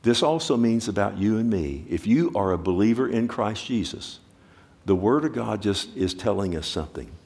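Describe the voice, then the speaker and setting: A man preaching a sermon, asking the listeners direct questions and swinging between hushed asides and loud exclamations. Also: on the low side, expressive, normal speed.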